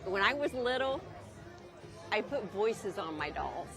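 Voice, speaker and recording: A woman's voice: medium pitch, lively intonation, a little slow. A woman with a Southern American accent, a collector guest talking enthusiastically and emphatically in a live TV interview. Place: indoor collectibles show. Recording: event music and crowd behind.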